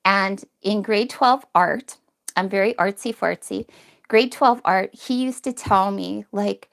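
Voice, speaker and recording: A woman's voice: medium pitch, takes it slowly, creaky. A middle-aged woman on a casual phone livestream, teary from crying and rambling emotionally to her viewers. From Canada. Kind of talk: casual live-stream chat. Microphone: cheap phone.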